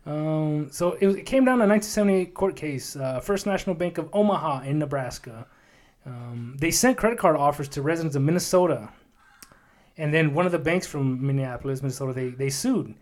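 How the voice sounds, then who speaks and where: A young man in his twenties, talking on a casual podcast chat. His voice sits a little high for a man, and he rambles, restarts his sentences and jokes along the way. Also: expressive, a little fast, a little mellow. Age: 20s. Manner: rambling, jokey, full of fillers and restarts. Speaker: podcast co-host.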